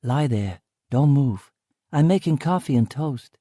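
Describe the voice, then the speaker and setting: A woman's voice: very deep voice, expressive, measured pace, dark tone, no room sound, studio quality, voice pushed up, exaggerated voice. A man voicing a cheerful young woman secretary in an audiobook, speaking eagerly.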